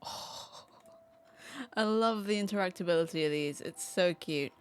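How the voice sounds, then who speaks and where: A woman's voice: on the low side, normal speed, clean tone. A woman streaming a casual game from home, chatting playfully and talking to the cats on screen. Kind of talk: casual gameplay commentary.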